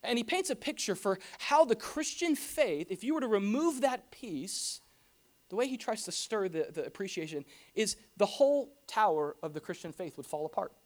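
Animated conversational pastor preaching. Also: mid-range voice, normal speed. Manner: animated, asks rhetorical questions, casual fillers like "like" and "right". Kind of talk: conversational sermon. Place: church hall before a congregation.

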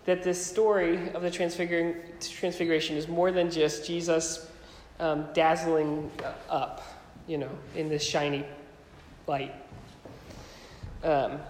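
A man's voice: high-pitched, reverberant, in a large hall, low-quality recording. A man preaching a sermon as pastor, casual and conversational, with frequent ums and restarts.

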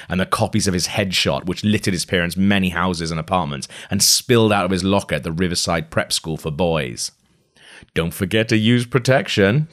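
Low-voiced man reading a novel aloud. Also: a bit bright. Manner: chatty, amused, breaks off to react. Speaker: reader of a novel. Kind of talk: casual read-aloud with asides.

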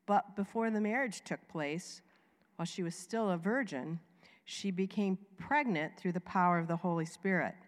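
A woman with a Southern US accent co-leading a sermon, reading scripture and preaching in an animated way. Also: on the low side, normal speed, big-room sound.

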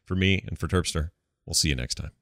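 A man's voice: sits low, fast talker, gravelly, very noisy. A man hosting a podcast in casual, joking chat. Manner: laid-back, joking. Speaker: podcast host.

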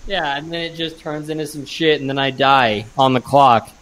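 A man's voice: mid-range voice, moderate pace, fairly bright tone, low-quality recording. A man hosting a podcast, bantering casually and swearing as he watches a movie with friends. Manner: swears freely, exasperated, teasing. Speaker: podcast host.

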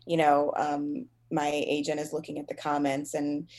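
A woman comedian talking casually in an animated, self-deprecating way, laughing often. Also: low-pitched, normal speed. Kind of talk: casual conversation.

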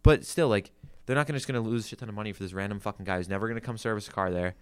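A man's voice: lowish voice, very fast, clean tone. A young man from the Philadelphia area co-hosting a casual podcast, ranting about his work in car sales, swearing freely and saying "like" constantly.

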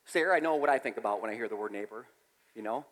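A man preaching a sermon in a church, animated and storytelling, with laughs and sudden shouts. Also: lowish voice, racing, in a large hall. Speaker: pastor.

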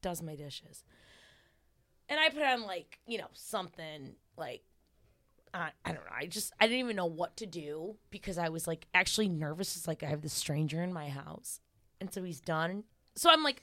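A woman's voice: lowish voice, expressive, normal speed, sharp tone, no echo. A young woman comedian, a podcast guest, telling a story in casual chat, laughing as she acts out quotes.

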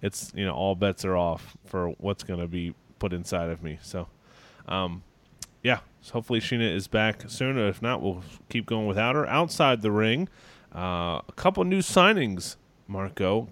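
A man's voice: fairly low pitch, a bit bright. A man co-hosting a casual wrestling podcast, rambling with lots of fillers and restarts. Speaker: podcast co-host.

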